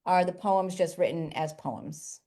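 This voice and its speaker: A woman who writes poetry for children, chatting lively in an interview over a video call. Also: on the low side, measured pace. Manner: lively, chatty, laughs easily. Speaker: children's poet and author. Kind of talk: casual interview chat.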